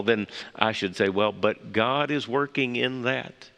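A man leading a morning Bible study, folksy and halting, with many fillers and restarts as he tells a joke and prays. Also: medium pitch, fairly bright tone. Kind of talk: morning devotional talk with prayer. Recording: long hall reverb.

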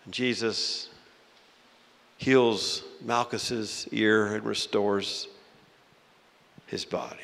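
A male pastor preaching a sermon in a church, dramatic and swinging between loud and hushed. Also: lowish voice, slow pace, creaky, long pauses. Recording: long hall reverb.

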